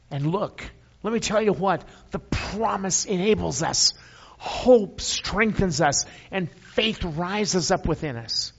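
A man's voice: fairly high pitch, gravelly, slightly rough. An older man preaching a sermon in a church, emphatic, repeating key phrases with folksy asides. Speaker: guest preacher. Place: church sanctuary. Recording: dull audio with long hall reverb.

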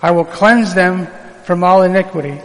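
A man's voice: high-pitched, moderate pace. Emphatic preacher man in a reverberant hall. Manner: reads scripture aloud with emphatic call-and-response. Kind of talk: sermon.

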